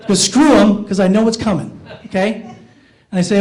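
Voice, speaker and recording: Middle-aged man, high, light voice, self-deprecating stand-up, works the crowd. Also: fast talker, darkish tone. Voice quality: not very masculine voice. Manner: self-mocking, talks with the audience. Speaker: stand-up comedian. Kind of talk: stand-up comedy. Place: playhouse stage.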